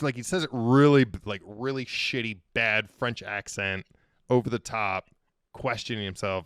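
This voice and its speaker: A man's voice: medium pitch, unhurried, clean tone, no room sound, clean studio sound. A man telling a funny story as a podcast guest, swearing and joking casually. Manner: animated, profane, joking.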